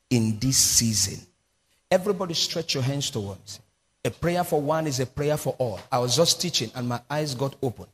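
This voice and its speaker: A pastor with a Nigerian English accent preaching a sermon, drilling key phrases through call-and-response with the congregation and breaking into prophetic prayer. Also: male voice, mid-range voice, a bit bright, a little hiss or hum. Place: large church hall. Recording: long hall reverb.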